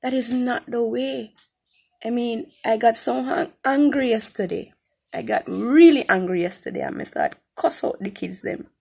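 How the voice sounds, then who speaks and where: A woman's voice: a little high, normal speed, vocal fry, a little mellow, breathy edge. A woman giving an earnest spoken Christian testimony, repeating phrases for emphasis. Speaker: testimony speaker.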